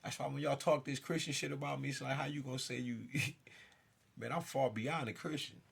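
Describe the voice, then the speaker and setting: Man, gravelly voice, husky tone, fiery profane rant, moving around while talking. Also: medium pitch, steady tone, brisk, a bit bright. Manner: intense, profane, addresses listeners directly. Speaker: self-styled spiritual figure. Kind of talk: ranting monologue to camera.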